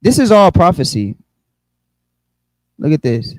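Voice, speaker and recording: Dark-voiced man teaching scripture. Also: on the high side, big pitch swings, unhurried, dry recording, rough recording. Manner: explanatory, repeats and restarts words. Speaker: Bible teacher. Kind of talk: online Bible study teaching.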